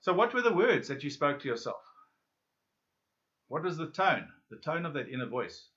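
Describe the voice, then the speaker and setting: A man leading a self-help workshop, speaking straight to his listeners with questions and pauses. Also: fairly high pitch, sing-song, a bit bright. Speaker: workshop facilitator. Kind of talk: guided self-help lesson. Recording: dull lo-fi audio.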